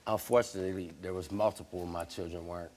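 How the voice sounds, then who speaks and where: A middle-aged man, a talk show guest speaking in halting, rambling bursts that repeat words. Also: low voice, fairly even intonation, darkish tone.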